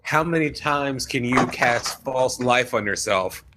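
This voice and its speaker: A man's voice: medium pitch, measured pace. Hesitant man over a hissy mic. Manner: hesitant, joking. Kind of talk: casual group discussion. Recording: noisy mic.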